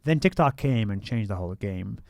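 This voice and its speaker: A man's voice: fairly low pitch, lively intonation, fairly quick, vocal fry, dry recording, clean studio sound. A man in his thirties, a content creator being interviewed, explaining candidly with frequent "uh" and "so".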